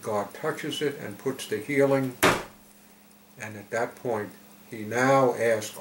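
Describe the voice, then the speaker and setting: A man giving a reflective spiritual talk, telling it slowly and deliberately with emphatic swells. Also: medium pitch. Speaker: spiritual teacher. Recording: echoey room with faint noise.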